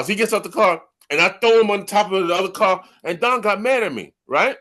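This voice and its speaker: High, bright-voiced man telling rough stories. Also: fast talker, few pauses. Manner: swears freely, animated, repeats "man" and "right?". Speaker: host. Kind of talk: casual storytelling among old teammates.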